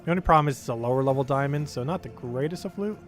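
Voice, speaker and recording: A man's voice: mid-range voice, rapid-fire, faint music behind. A young man live-streaming a game, giving casual, rambling commentary full of filler words.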